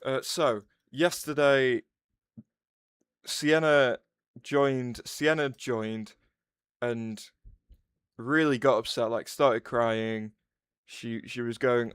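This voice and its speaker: A man streaming live and chatting loosely with his viewers, often breaking off mid-sentence to start over. His voice is smooth and clean, and it is recorded dry and close with no room sound. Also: medium pitch, fairly even intonation, slow pace, no room sound. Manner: rambling, restarts sentences, answers chat aloud. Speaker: livestreamer. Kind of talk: casual livestream chat.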